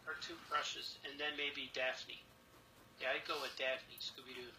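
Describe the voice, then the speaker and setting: A man's voice: mid-range voice, level tone, measured pace, sharp tone, a little hiss or hum, low-quality recording. A man co-hosting a live stream, chatting casually and eagerly about old cartoons he loved. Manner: enthusiastic, nostalgic cartoon fan. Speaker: co-host. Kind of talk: casual chat. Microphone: headphones.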